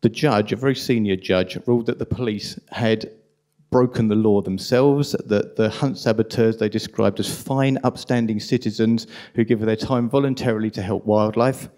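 A man with a strong London accent giving an impassioned, indignant conference talk at a rapid pace. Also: fairly low pitch, steady tone, darkish tone. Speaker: conference speaker.

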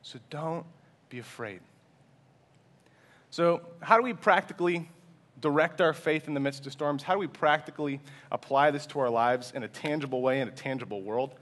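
A male pastor giving a sermon in a conversational style, sometimes dropping to a soft, quiet voice. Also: on the high side, fairly quick. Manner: conversational preaching, acts out quoted voices, sometimes drops to a hush.

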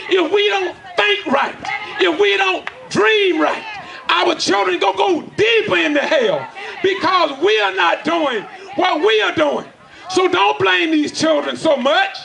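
A middle-aged man giving an impassioned preacher-style speech, shouting and calling out questions to the crowd. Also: extremely high pitch, creaky. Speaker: community speaker. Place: outdoors at a community gathering. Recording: loud crowd outdoors.

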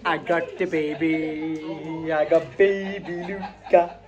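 A man's voice: fairly high pitch, level tone, takes it slowly. A young man, vlogging casually with family and joking around playfully. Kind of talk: casual vlog chat.

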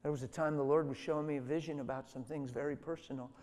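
Male preacher, emphatic exhortation, raised pitch; long hall reverb. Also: fairly even intonation, fast talker, a little mellow. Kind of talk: sermon.

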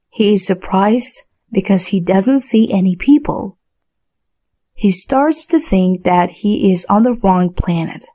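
Slow gravelly woman reading a story. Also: medium pitch, mellow. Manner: simple, clear, deliberate phrasing. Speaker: audiobook reader. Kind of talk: slow storybook narration for learners.

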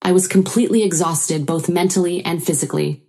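Low-voiced woman narrating a story. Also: fairly even intonation, fairly quick, warm tone, breathy edge. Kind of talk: first-person story narration.

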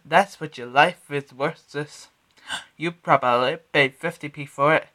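A man's voice: fairly high pitch, unhurried, bright, forceful tone. A young man singing a sassy, taunting pop track, repeating lines in stuttering loops. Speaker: singer. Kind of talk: sung pop track with spoken-sung verses.

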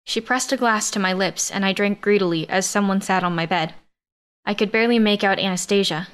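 A woman narrating a science-fiction romance audiobook in first person, in a medium-pitched voice. Her reading is steady and even, carrying the action without fuss. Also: fairly quick.

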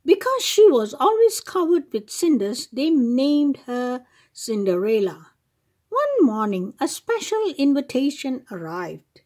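Slow, sing-song woman reading to kids. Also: high voice. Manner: slow, expressive, sing-song read-aloud. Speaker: children's channel storyteller. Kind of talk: reading a fairy tale aloud to children.

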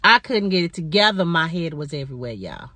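A woman's voice: low voice, sing-song, a little fast, pushed and bright, no echo. A middle-aged woman in a casual personal vlog, chatty and talking straight to her viewers as y'all. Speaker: vlogger.

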